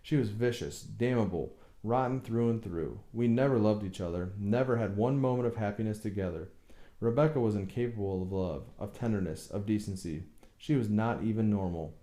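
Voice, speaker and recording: A man's voice: lowish voice, moderate pace, dark tone, roomy sound, natural voice. A man voicing a tormented older husband who talks in a brooding, bitter way in an audiobook reading. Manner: brooding, bursts into bitter anger.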